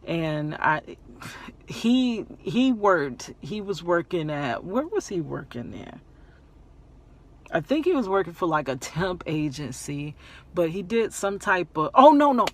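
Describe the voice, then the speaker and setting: A woman vlogger telling a personal story in a casual storytime way, animated, laughing often and repeating phrases for emphasis. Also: fairly low pitch, unhurried.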